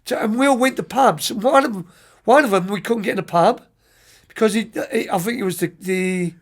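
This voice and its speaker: High-voiced man telling rambling stories. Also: fairly quick. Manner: lively, rambling, frequent restarts and repeated words. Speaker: youth soccer coach, podcast guest. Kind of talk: anecdotal storytelling in an interview.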